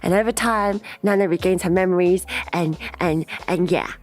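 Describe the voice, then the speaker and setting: A woman's voice: on the low side, normal speed. A young woman streamer animatedly retelling a music video's story in casual chat, stringing along with repeated "and then"s.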